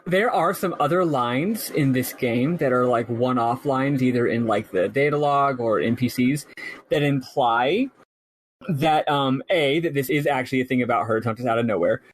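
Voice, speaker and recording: A man co-hosting a podcast, chatting casually about a video game in a rambling, animated way with lots of fillers. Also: mid-range voice, normal speed. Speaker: podcast co-host.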